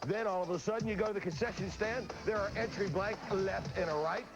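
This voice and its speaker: A man hosting a wrestling TV show, pitching a live event in an upbeat, salesy way. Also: a little fast, highs cut off, music in the background. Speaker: TV show host. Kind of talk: energetic event promotion.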